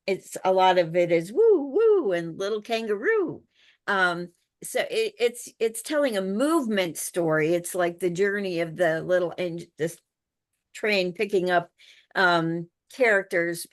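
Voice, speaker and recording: A woman on a video call, thoughtfully talking through a picture book she holds up. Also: on the low side. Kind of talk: casual group chat on a video call.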